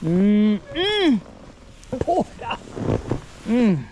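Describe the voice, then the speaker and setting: A middle-aged man, giving excited, folksy commentary while fishing from a boat outdoors. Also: high voice, drawn-out words, a little hiss or hum. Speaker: fishing vlogger.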